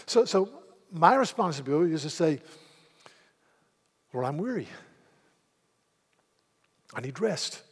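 A man's voice: fairly high pitch, very animated, unhurried, long pauses, husky. Male pastor preaching emphatically, restarting in doubled words, set in a reverberant hall. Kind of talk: sermon.

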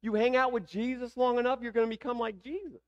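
A man's voice: very high voice, fairly even intonation, fast, muffled recording. A man with a Southern American accent preaching a sermon, asking the congregation rhetorical questions. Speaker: pastor.

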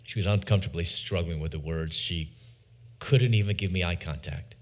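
A man giving his testimony to an audience, preaching with dramatic pauses and drawn-out words. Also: low voice, muffled recording.

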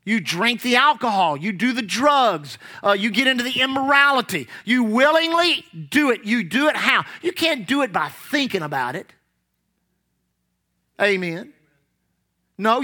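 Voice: mid-range voice, sharp tone. A preacher delivering a sermon, reading scripture aloud and putting rhetorical questions to the congregation. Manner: reads scripture aloud, then explains it; emphatic, drawn-out stresses on key words.

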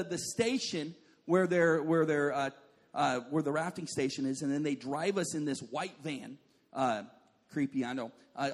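A young adult man preaches a sermon in a large hall, his voice on the high side. Animated and jokey, he tells a funny story and puts on the voices of the people in it.

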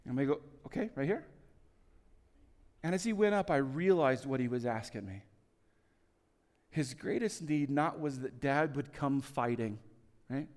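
A man preaching a sermon, telling stories with lively swings between loud, urgent lines and soft, hushed ones. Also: mid-range voice, unhurried, long pauses, big-room sound. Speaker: pastor.

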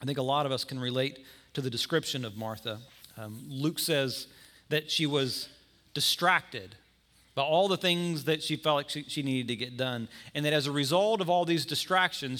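A male pastor delivers a sermon in an easy, conversational way. His voice sits a little high for a man and sounds bright and forceful, and he brings the scene to life by acting out the people in the story. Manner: conversational preaching with acted-out scenes.

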